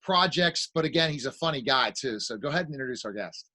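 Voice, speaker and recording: Bright-voiced upbeat male host. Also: mid-range voice, expressive, fast. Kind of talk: casual interview hosting.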